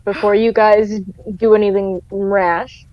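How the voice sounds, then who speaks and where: A woman narrating as game master of a tabletop game over voice chat, casual and drawn out with pauses. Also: mid-range voice, little pitch movement, no room sound, highs cut off.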